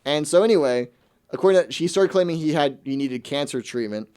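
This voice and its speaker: A man's voice: on the high side, animated, a little fast, darkish tone, smooth. A man hosting a radio show, ranting in casual comedic chat with a mocking, incredulous manner.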